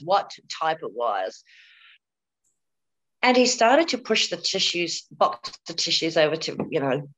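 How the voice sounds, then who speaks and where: A woman with a somewhat low, slightly bright voice speaks on poor-quality audio. She's an interview guest and breast cancer survivor, candidly recounting her own story in conversation and often repeating words.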